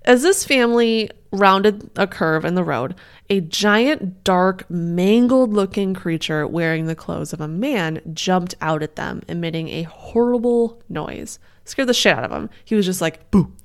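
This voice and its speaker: A woman's voice: on the low side, lively intonation, measured pace. A woman co-hosting a podcast, telling a story in a casual, jokey way and acting out silly voices. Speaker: podcast co-host.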